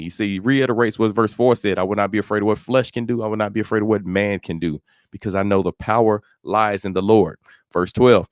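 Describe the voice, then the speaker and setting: A man's voice: fairly low pitch, a little fast, dry recording, studio quality. A man teaching verse by verse through a psalm in a conversational way, often asking "you know what I'm saying". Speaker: Bible teacher. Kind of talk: casual verse-by-verse Bible teaching. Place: church, dry sound.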